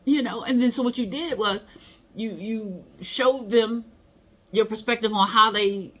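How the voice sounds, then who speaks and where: Unhurried and a bit bright, this middle-aged woman's voice sits a little high. A motivational speaker, she mixes casual advice with stories, keeping it conversational and acting out quoted voices.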